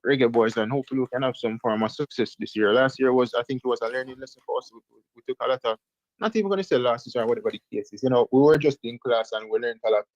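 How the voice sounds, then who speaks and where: A man co-hosting a casual football talk show, talking quickly and hedging with fillers. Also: medium pitch, darkish tone, no room sound, highs cut off. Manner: quick, hedging with "like" and "you know". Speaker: co-host.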